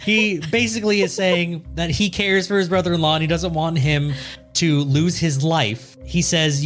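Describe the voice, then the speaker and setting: A man's voice: on the high side, fairly even intonation, moderate pace, fairly bright tone, soft background music. A man co-hosting a podcast, telling a history story in a loose, joking way and swearing freely. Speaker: podcast co-host. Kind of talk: casual storytelling chat.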